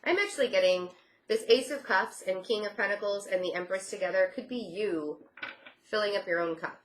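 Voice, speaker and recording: Speaking briskly in a mid-range voice, a woman does a casual tarot reading full of reassurance. She repeats phrases and often says she feels things, with many "I feel like" fillers.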